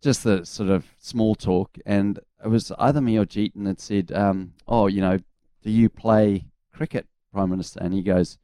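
A man's voice: fairly low pitch, fairly even intonation, moderate pace, warm tone, dry recording, studio quality. A man in his forties with a New Zealand accent, a former cricketer telling laid-back anecdotes as a guest on a casual radio chat.

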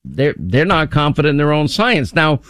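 A man's voice: fairly high pitch, big pitch swings, normal speed, a bit bright, no room sound. A man hosting a talk radio show, commenting in a casual, wry way and often restarting his sentences.

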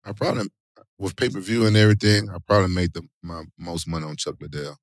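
Interview guest: middle-aged man with a low voice and dry close sound. He tells stories in slangy, animated bursts. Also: quick pace, no room sound. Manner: animated storytelling, loud exclamations, slangy. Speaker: interview guest, former fighter and actor. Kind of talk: casual interview talk.

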